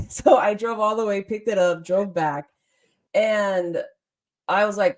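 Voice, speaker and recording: A young adult woman hosting a casual chat, telling a story in a lively way, laughing often and acting out what people said. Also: lowish voice, normal speed. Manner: animated, laughs often, acts out quotes. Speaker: podcast host.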